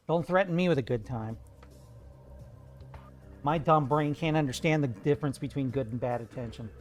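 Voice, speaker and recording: A man's voice: mid-range voice, moderate pace, pauses often, soft background music. A man streaming live while he paints, chatting with viewers in a playful, jokey way. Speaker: art streamer.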